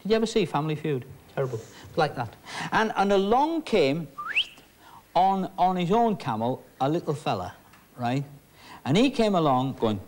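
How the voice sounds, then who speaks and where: A man's voice: fairly high pitch, very animated, normal speed. A man performing magic with chatty, teasing patter for an audience. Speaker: stage magician.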